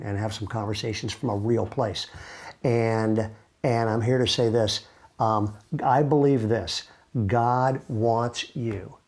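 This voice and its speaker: A man's voice: mid-range voice, a little mellow. A middle-aged man, a pastor, giving an earnest, conversational devotional talk from his home while seated with his knee propped up, often restarting his sentences. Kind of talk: casual devotional talk to camera.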